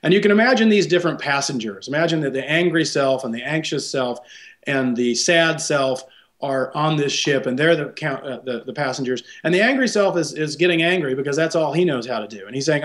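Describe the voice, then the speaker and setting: A man's voice: a little high, lively intonation, a little fast, fairly bright tone. A man, a psychologist guest, explaining ideas thoughtfully in an interview and often checking in with a tag question.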